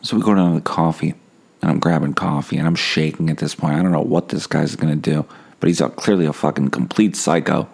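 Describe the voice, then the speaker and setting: A man's voice: rumbling low, steady tone, fairly quick, gravelly, a little mellow, husky. A man hosting a podcast on his own, rambling and swearing as he tells a story and mocks himself. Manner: rambling, profane, self-mocking. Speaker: podcast host.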